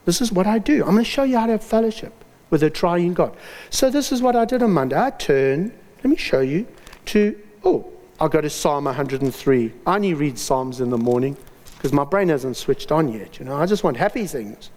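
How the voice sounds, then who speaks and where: A male preacher delivers a sermon in a notably high voice that swoops across a wide range. He tells personal stories with dramatic pauses and lively emphasis. His words ring out with a long reverb, as in a large hall.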